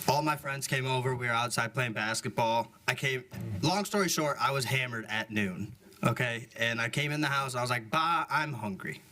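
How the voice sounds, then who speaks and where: A young man speaks candidly as he gives a eulogy for his grandmother, in plain speech with fillers and a middling pitch. The recording is made live at the service, with steady background noise. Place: funeral service.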